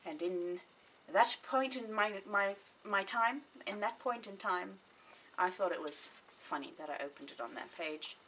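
At a medium pitch, a little slow and a bit bright, the young woman talks about her books in a chatty, rambling vlog, frequently correcting herself mid-sentence. Faint hiss runs under her voice, which sits a bit distant from the mic.

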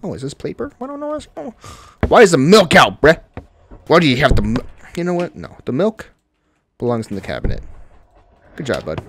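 A man's voice: fairly high pitch, huge pitch swings, brisk, pauses often, noisy background. A young man hosting a gaming channel, swearing and grumbling to himself while he plays a horror game. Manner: profane, exasperated, talking to himself. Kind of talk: casual horror game commentary.

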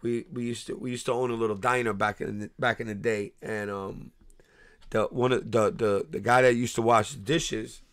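A man hosting a casual sneaker livestream, heartfelt and restarting his words as he gives viewers shout-outs. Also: fairly low pitch, steady tone, moderate pace. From New York.

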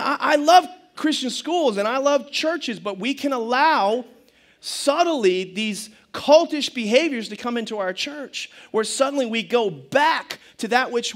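A middle-aged male pastor delivers a sermon with a fairly high voice. He talks in an animated way and acts out the quotes, stumbling over fillers and restarts as he goes.

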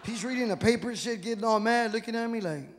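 High-voiced profane male comedian from Texas. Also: quick pace. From Houston, Texas. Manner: profane, animated, acts out voices. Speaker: stand-up comedian. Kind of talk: stand-up comedy. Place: live comedy venue with audience. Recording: echoey hall with crowd noise.

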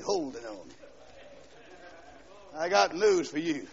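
A man preaching a fiery revival sermon, dropping to quiet asides and then shouting and singing out lines, heard on a dull 1970s LP recording from a church. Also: high voice, animated, a little slow, pauses often, husky. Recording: dull 1970s LP recording with long hall echo.

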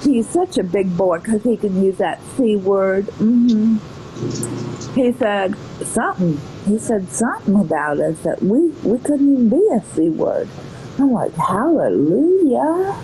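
Put-on Southern church lady, woman doing it, slow drawl, pious scold, noisy stream. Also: mid-range voice, sing-song, mellow. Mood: gossiping. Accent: put-on American Southern. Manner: slow drawl, scolding, sing-song "mm-hmm"s. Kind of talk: mocking impression on a live stream.

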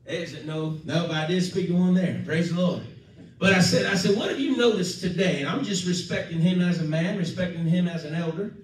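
A man's voice: high voice, brisk. A male pastor preaching an emphatic sermon, calling for amens and acting out quoted voices. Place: church sanctuary. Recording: echoey church from far off.

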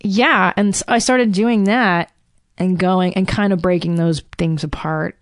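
A woman's voice: medium pitch, animated, normal speed, dry recording, clean studio sound. A woman guest on a podcast, talking candidly and self-deprecatingly and swearing freely. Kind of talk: candid conversation.

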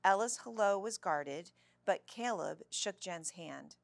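A woman reading a children's chapter book aloud at a clear, steady pace. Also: lowish voice, normal speed, dry recording. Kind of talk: storybook read-aloud.

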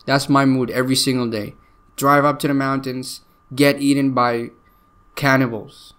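A man's voice: medium pitch, little pitch movement, moderate pace, a bit bright, clear, resonant tone. A man hosting a video, reading tweets aloud and mocking them with sarcastic comments and frequent laughter. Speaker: video host.

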